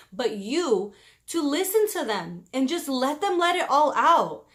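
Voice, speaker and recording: A woman giving marriage advice in a casual vlog, talking loudly and passionately and laughing often. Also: a little high.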